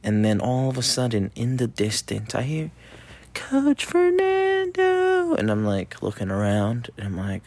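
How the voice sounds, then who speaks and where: Speaking into a mic in a dry recording, this young youth soccer coach has a lowish, gravelly, slightly mellow voice and barely pauses at his normal pace. His solo chat is loose and rambling, full of swearing, with quotes acted out as he goes.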